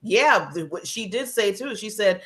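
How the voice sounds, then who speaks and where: A woman's voice: mid-range voice, normal speed. Chatty laughing female co-host. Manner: animated storytelling, acts out quotes, laughs often. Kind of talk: casual chat.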